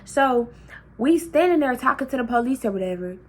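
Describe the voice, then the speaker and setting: Heated high-voiced woman telling a story. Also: a little fast. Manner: animated, profane, heated. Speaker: vlogger. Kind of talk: casual storytime.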